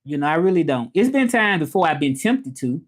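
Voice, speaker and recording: A man's voice: on the high side, big pitch swings, a little fast. A man chatting casually on a live stream, rambling along, greeting viewers by name and trying out French phrases. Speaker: livestreamer.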